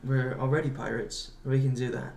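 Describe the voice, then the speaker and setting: A man's voice: medium pitch, steady tone, moderate pace, gravelly, darkish tone, slight background noise. A man playing a tabletop game, joking around in casual banter. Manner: playful, joking. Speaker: player. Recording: echoey room, distant from the mic.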